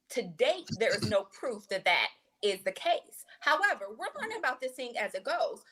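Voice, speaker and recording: A woman with a fairly high, bright, forceful voice. She speaks firmly and assertively, stating facts plainly as a guest doctor on a podcast. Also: sing-song, normal speed, hardly any pauses, slightly rough. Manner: firm, assertive, lays out facts. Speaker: physician guest. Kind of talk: podcast discussion.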